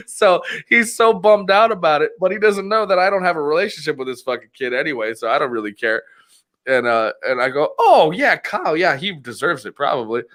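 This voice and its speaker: Bright-voiced man telling a rambling story. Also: fairly high pitch, normal speed. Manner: rambling, profane, laughs a lot, acts out quoted voices. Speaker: podcast host. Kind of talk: casual storytelling chat.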